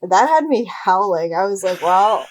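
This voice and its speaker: A woman chats casually about a film, laughing often and acting out lines. Her voice rises and falls widely. She speaks at an easy, unhurried pace. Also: a little high. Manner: animated, laughs often, playful quoting of characters. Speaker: guest comic artist.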